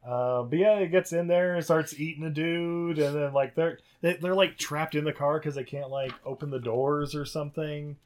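A man's voice: on the high side, fairly even intonation, moderate pace, hardly any pauses, a little mellow. A man co-hosting a podcast, casually recapping a movie in a rambling, profane way, laughing often. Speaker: podcast co-host.

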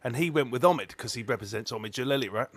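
A man co-hosting a podcast, telling an anecdote in casual chat with animated laughter. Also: medium pitch, fast, slightly rough, dry recording. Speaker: podcast co-host.

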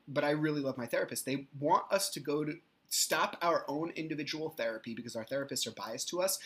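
A man's voice: mid-range voice, a bit bright. A man in his thirties hosting a solo podcast, telling his story in a candid, profane and exasperated way. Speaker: podcast host.

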